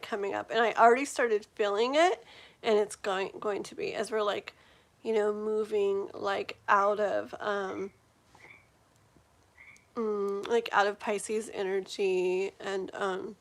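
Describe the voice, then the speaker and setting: A woman in her forties hosting a live tarot reading, chatting in a rambling, giggly way with many fillers. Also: medium pitch. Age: 40s. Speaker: tarot reader hosting a livestream. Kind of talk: casual livestream chat.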